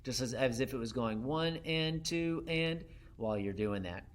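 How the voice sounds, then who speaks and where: A man's voice: medium pitch, expressive, moderate pace. A man teaching a saxophone lesson to beginners. He counts his students in and calls out whose turn it is. He sings short syllables to demonstrate each exercise. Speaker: music teacher.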